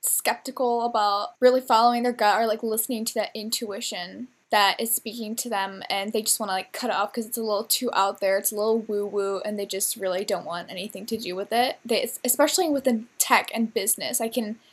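A woman's voice: medium pitch, steady tone, fairly quick, hardly any pauses. A woman hosting a podcast, affirming her guest and asking long, winding questions. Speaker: podcast host. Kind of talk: podcast interview.

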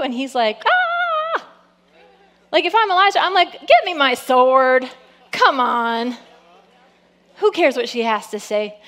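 Animated woman preaching a sermon. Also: a little high. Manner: lively preaching, acts out quotes, frequent "come on". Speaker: pastor.

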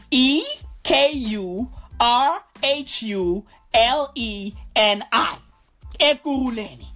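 Woman doing a comedy rant, high voice bouncing all over, slow and husky. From South Africa. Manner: animated, profane, drawn-out. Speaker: comedic vlogger.

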